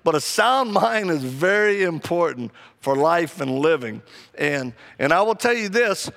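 A man preaching a sermon with animated, humorous storytelling. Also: on the high side, a little slow, vocal fry.

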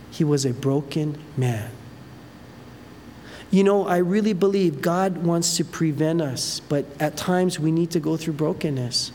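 Male pastor, earnest sermon voice, slightly higher pitch, church hall reverb. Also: dark tone, a little hiss or hum. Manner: earnest, conversational preaching with scripture reading.

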